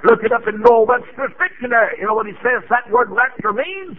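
An older man from Tennessee, preaching a revival sermon with fervent rises into shouts and frequent "uh" fillers. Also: very high-pitched, lively intonation, moderate pace, few pauses, highs cut off. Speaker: evangelist preacher.

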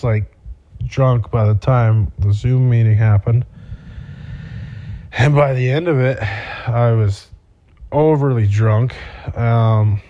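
A young podcast host tells a rambling, profane personal story packed with fillers. His voice is mid-range and warm, and the audio has its highs cut off.

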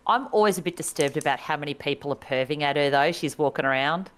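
A woman's voice: deep voice, fast. A woman co-hosting a casual video game podcast, wry and chatty, laughing often. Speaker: podcast co-host. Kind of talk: casual chat.

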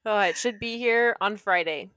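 Bright, giggly young woman podcaster. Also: mid-range voice, normal speed, clean tone, dry recording, clean studio sound. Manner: giggly, animated, rambling. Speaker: podcast co-host. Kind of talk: casual chat.

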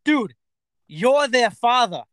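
Male co-host, very high pitch, dry mic, animated profane rants. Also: takes it slowly, no room sound, rough recording. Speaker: podcast co-host. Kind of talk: casual sports chat.

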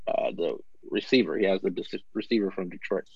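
A man in casual sports talk, speaking haltingly as he searches for names. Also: deep voice, creaky, a little mellow, slightly rough, dry recording. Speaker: co-host. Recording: dull lo-fi audio.

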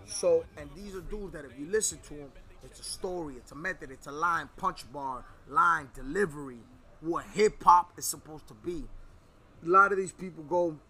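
A man, telling stories in animated casual chat full of slang and swearing. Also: on the high side, normal speed. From New York. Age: 30s.

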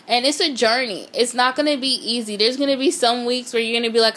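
A motivational vlogger speaks straight to her viewers in a blunt, profane talk. Her voice is a little high and fairly bright, and she talks fast with hardly any pauses.

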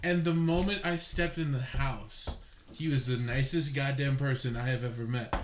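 A young man in his twenties chatting, animated and restarting his sentences. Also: medium pitch, moderate pace, echoey room, background noise. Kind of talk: casual chat.

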